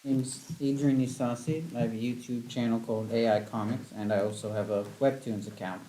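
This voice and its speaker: A man's voice: medium pitch, steady tone, brisk, warm tone. A man guesting on a casual podcast, matter-of-fact. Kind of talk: casual group chat. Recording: echoey room, faint hiss.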